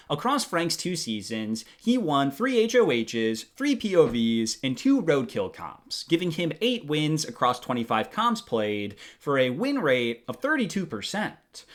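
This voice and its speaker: A young man hosting a video, reading a scripted countdown commentary in a lively, animated way. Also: a little high. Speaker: video host.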